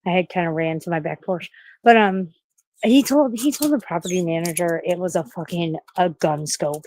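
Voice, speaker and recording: A streamer chats casually on a livestream outdoors at night, swearing a lot and sounding scared and out of breath. Her voice is on the low side with a darkish tone, and she speaks at a moderate pace.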